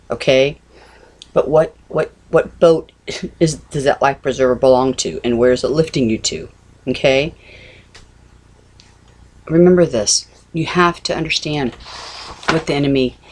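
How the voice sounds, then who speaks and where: Earnest middle-aged woman, husky voice. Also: sits low, darkish tone. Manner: earnest, conversational, repeats "okay?" and "you know". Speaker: Christian vlogger. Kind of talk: casual devotional talk to camera.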